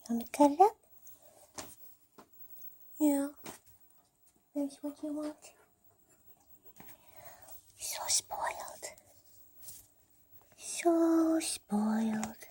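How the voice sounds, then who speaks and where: A woman's voice: high-pitched, unhurried, long pauses, warm tone. A woman at home filming her cats and talking to them in cooing baby talk, often dropping to a whisper, recorded on a handheld camera. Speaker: cat owner filming her pets. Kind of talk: casual talk to pets.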